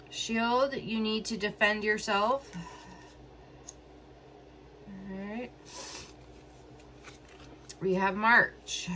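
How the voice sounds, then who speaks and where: A woman doing a casual solo tarot reading. She feels emotional and talks slowly and hesitantly, thinking aloud as she goes. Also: medium pitch, a bit bright, a little hiss or hum. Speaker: tarot reader.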